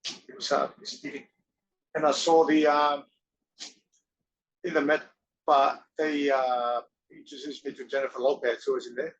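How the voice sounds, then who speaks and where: A man's voice: medium pitch, level tone, moderate pace, long pauses, dull audio. A middle-aged man from Australia, an interview guest telling rambling anecdotes, laughing and acting out other people's lines.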